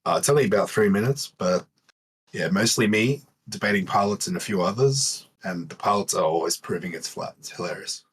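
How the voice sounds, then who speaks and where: A man's voice: lowish voice, a little fast, breathy edge. A man calling in to a live online panel, talking hesitantly with restarts. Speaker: caller. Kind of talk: casual chat.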